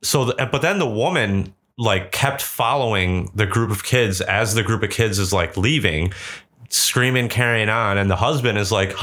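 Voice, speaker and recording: A man's voice: on the low side, moderate pace, a bit bright. Rambling, foul-mouthed man telling a story. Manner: rambling, loose, swears a lot, acts out quoted people in raised voices. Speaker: podcast co-host telling a story. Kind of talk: casual profane storytelling.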